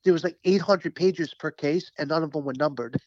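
A man speaking as a union representative, telling stories in an animated, emphatic, profane way during a casual interview. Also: a little high, brisk, dry recording, highs cut off.

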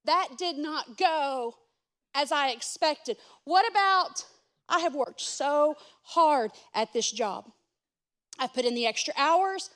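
A woman pastor, preaching a sermon through a lively, self-mocking story, acting out what people said. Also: sits high, takes it slowly. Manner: animated, self-mocking storyteller who acts out quotes.

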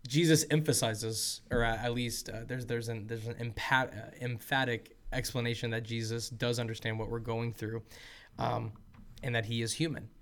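A man's voice: medium pitch, little pitch movement, normal speed, fairly bright tone. A man co-hosting a casual theological discussion, earnest and emphatic, often restarting his sentences. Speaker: podcast co-host.

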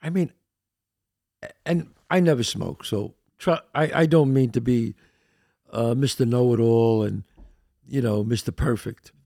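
A man's voice: mid-range voice, a little slow, gravelly, pauses often, dark tone, dry recording, studio quality. A man hosting a show, talking emphatically in a motivational monologue and acting out the voices he quotes. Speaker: podcast host.

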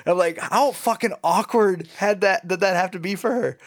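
A man's voice: high voice, moderate pace. A man in his thirties telling a story in casual chat, rambling and self-mocking, often laughing at himself.

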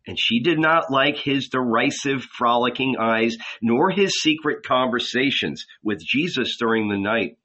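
A man reading a novel aloud in deliberate, dramatic literary narration. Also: mid-range voice, lo-fi sound. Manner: slow, expressive, deliberate. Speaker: audiobook reader.

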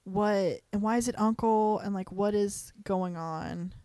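A woman's voice: medium pitch, measured pace, dark tone, dry recording, studio quality. A woman co-hosting a podcast in casual chat, reacting with enthusiasm and laughing often. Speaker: podcast co-host.

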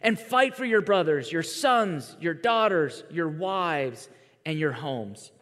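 A man in his thirties preaching a sermon as a pastor, talking in a conversational, animated way and acting out quoted voices as he tells stories. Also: a little high, slow pace. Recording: long reverb of a large hall.

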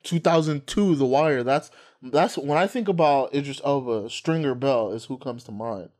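Young male host, mid-pitched, casual and crude, quick to laugh. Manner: laughs easily, animated storyteller, crude slang. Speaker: podcast host. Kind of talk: casual chat.

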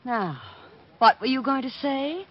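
Feisty young woman; high, husky tone, dull old radio sound. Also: animated, a little slow. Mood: defiant. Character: spirited young woman, photographer, then frightened client. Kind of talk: 1940s radio acting.

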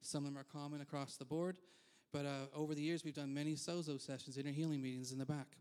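Brief: male pastor, fairly high voice, candid chatty sermon with asides. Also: flat delivery, quick pace, darkish tone, clean tone. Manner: candid, self-deprecating, frequent asides. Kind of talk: conversational sermon.

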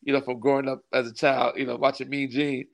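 A man, a pastor and wrestling ring announcer, telling a story in a casual interview, animated and laughing often as he acts out what others said. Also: mid-range voice, fast, vocal fry. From California.

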